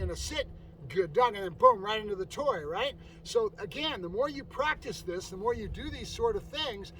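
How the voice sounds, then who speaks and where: A high-voiced man explains dog training in an emphatic, informal way, often tagging his points with "right?". He stands some distance from the microphone outdoors. Faint traffic hums in the background. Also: fairly bright tone. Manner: emphatic, keeps asking "right?".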